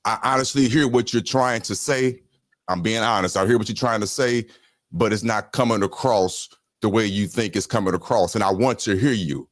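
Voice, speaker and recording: A man's voice: on the low side, dry recording. Earnest man, dry close sound. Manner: earnest, measured. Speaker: panelist. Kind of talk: heated live-stream debate.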